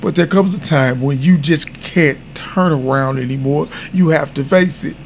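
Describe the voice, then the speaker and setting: A man with a notably high speaking voice hosts a podcast and talks in a direct, heartfelt way. He speaks openly and earnestly to his listeners. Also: moderate pace, vocal fry, a little hiss or hum. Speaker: podcast host. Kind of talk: podcast commentary.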